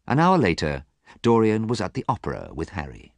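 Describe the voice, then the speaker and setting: Deep-voiced man reading a story. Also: wildly swooping pitch. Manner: clear, measured, simple reading. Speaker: narrator. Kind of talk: scripted audiobook narration.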